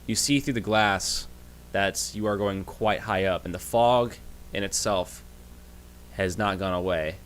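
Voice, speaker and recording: A man narrating a tabletop game as game master, with a halting manner and many restarts. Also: low-pitched, a bit bright, a little hiss or hum.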